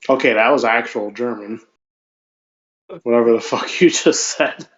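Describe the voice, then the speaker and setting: A man's voice: medium pitch, moderate pace, fairly bright tone, highs cut off. A man co-hosting a podcast, chatting casually in a blunt, profane way. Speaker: podcast co-host. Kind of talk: casual chat.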